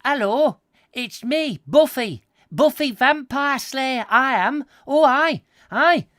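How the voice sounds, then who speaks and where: A man's voice: extremely high pitch, animated, takes it slowly, fairly bright tone, pitched above the performer's own voice, exaggerated voice. A man voicing a daffy woman vampire slayer with a Northern English accent, chirpy and rambling.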